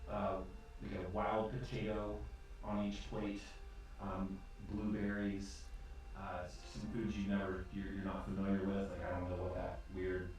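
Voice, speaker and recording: A man's voice: deep voice, a little mellow. A man running a tabletop game as game master, describing scenes in a rambling, hesitant way with many fillers. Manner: rambling, hesitant, full of ums. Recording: echoey room, distant mic, faint noise.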